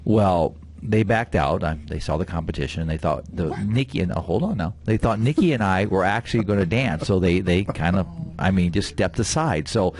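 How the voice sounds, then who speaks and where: A man, a county sheriff, telling a story in a folksy, animated way on a radio show in a studio. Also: deep voice, moderate pace, hardly any pauses.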